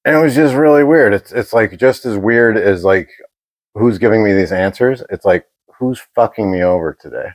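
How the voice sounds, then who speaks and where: A man's voice: fairly low pitch, normal speed, dry recording. A man co-hosting a podcast, telling a rambling, profane story in casual chat. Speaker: podcast co-host.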